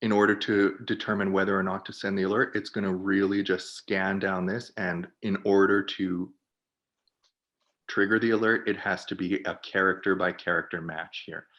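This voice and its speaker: A man on a video call, presenting for a product team and walking through software in a webinar while thinking aloud. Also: sits low, level tone, moderate pace, lo-fi sound.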